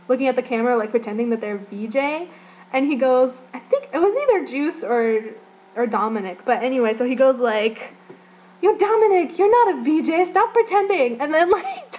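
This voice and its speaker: A young woman giving a casual, giggly fan report about an event she attended, full of "like" and gushing asides. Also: high voice. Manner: giggly, gushing, heavy use of "like". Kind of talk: casual spoken recap.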